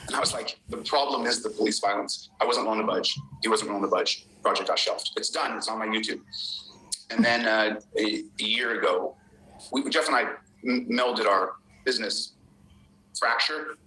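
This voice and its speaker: A man's voice: lowish voice, normal speed, bright, forceful tone, poor audio. A man speaking candidly and earnestly as an interviewee in a played clip. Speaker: filmmaker guest in an interview clip.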